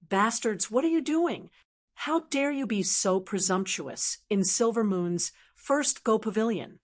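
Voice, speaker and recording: A woman's voice: medium pitch, measured pace, lightly acted. A woman voicing a stern old man of rank who speaks coldly and gives commands, in an audiobook. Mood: cold anger. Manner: cold, commanding. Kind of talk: audiobook character reading.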